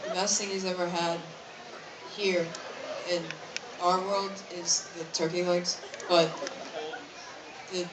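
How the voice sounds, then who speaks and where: A man's voice: high-pitched, little pitch movement, slow pace, long pauses, noisy background. A man volunteering on stage as an interpreter, hesitant and improvising his answers. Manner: hesitant, making things up on the spot. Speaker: audience volunteer acting as interpreter. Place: outdoor fair stage. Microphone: audience camera from a distance. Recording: distant echoey outdoor crowd recording. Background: loud crowd.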